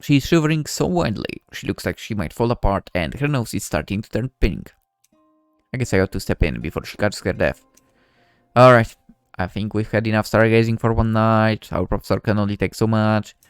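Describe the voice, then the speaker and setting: A man narrating a visual novel in the voice of its male lead, with wry asides. His pitch swings widely, and the sound is dry and close. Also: animated, a little fast, clean tone, dry recording, faint music behind. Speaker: game let's-play narrator. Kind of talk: reading a visual novel aloud.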